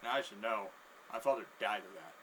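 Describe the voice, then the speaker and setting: A man voicing a young diner guest who speaks quickly in a slightly lower, blunt voice. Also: fairly bright tone, slight background noise, close to an everyday voice, poor audio. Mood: earnest.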